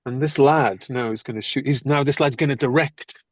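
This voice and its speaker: An older man, an actor, telling lively anecdotes in an interview and acting out the people he quotes. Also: medium pitch, fairly quick, dry recording. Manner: animated, acts out quoted people. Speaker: actor guest.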